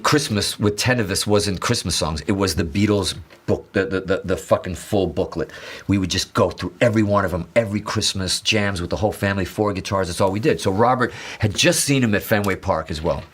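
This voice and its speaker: A man from the Azores telling an excited, rambling story as a guitarist guest, swearing and acting out quotes. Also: low voice, a little fast, slightly rough. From Azores, Portugal. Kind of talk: animated storytelling in an interview.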